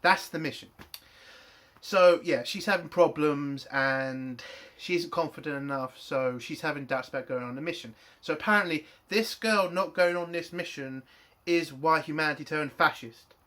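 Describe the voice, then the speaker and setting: A man's voice: fairly high pitch, moderate pace, bright, forceful tone. A man reviewing a TV episode in an angry, profane rant. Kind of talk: spoken TV review.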